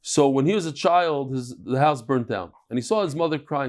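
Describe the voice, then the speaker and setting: A man's voice: mid-range voice, fairly quick. A middle-aged man teaching a daily Talmud class, asking and answering his own questions and bantering with students in the room. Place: classroom with a live audience.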